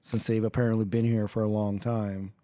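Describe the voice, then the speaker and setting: A man's voice: fairly low pitch, level tone, brisk, mellow. A man playing a tabletop role-playing game, talking casually in character and sometimes stumbling over words. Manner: stammering, repeats words.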